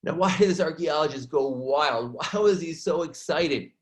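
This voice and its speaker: A male educator walks viewers through slides in an online lesson. His voice sits a little high for a man, and his delivery is animated. He keeps checking in with his audience by asking "right?". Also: normal speed.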